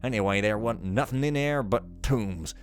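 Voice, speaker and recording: A man's voice: on the low side, normal speed, close to an everyday voice. A man voicing a folksy, ungrammatical male sewer worker reading out a reassuring note during a game playthrough.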